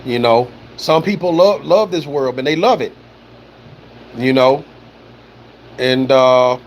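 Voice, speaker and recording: Reading comments from viewers on his livestream, this man rambles casually, leaning on "you know" and "man" and cursing along the way. He talks slowly at a medium pitch, with slight background noise.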